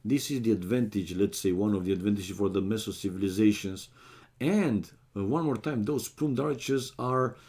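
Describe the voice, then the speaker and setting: A man's voice: fairly low pitch, moderate pace, a little mellow. A young man, chatting casually with his viewers while casting a strategy game match, and calling them "man" as he talks. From Romania. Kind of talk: casual live-stream chat and match commentary.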